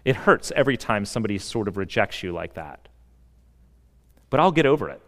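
A man's voice: fairly low pitch, sing-song. Man preaching in a reverberant church. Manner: earnest, emphatic preaching with dramatic pauses. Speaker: pastor. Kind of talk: sermon. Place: church sanctuary.

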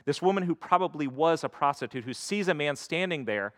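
A man's voice: a little high, lively intonation, brisk, dry recording, clean studio sound. A man preaching a sermon in a conversational way, slipping into quoted voices to act out the stories. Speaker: pastor.

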